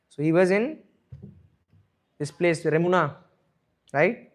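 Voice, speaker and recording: A man's voice: sits high, a little slow, long pauses. A man giving an emphatic devotional scripture class, repeating his points. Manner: emphatic, repeating points, asks listeners "right?". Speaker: scripture teacher. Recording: echoey room.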